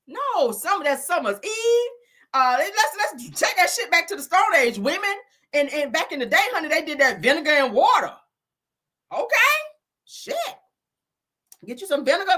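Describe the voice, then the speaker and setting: A woman hosting a live gossip stream, talking loudly and laughing a lot as she reacts to comments. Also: high-pitched, a little slow, breathy edge. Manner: loud, animated, laughing a lot, Southern Black vernacular slang. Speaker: gossip show host.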